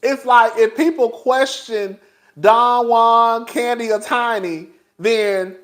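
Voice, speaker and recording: A man's voice: very high voice, takes it slowly. A man hosting a casual gossip commentary stream, laughing often and talking in a profane, sassy way. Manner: laughing, animated, profane, sassy, talks to the chat as "girl". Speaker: YouTube commentary host.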